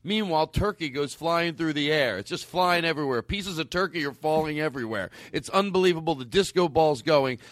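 A man's voice: a little high, lively intonation, brisk, hardly any pauses, no room sound. A man hosting a comedy podcast, rambling playfully through an improvised absurd story. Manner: playful, rambling, breaks into laughter. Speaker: podcast host.

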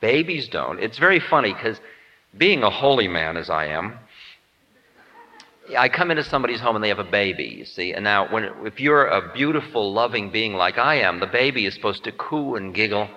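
A man's voice: fairly low pitch, animated, normal speed, bright, forceful tone. A man giving a humorous spiritual lecture in a musing, wry, self-mocking way. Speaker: spiritual teacher. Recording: dull lo-fi tape in reverberant hall.

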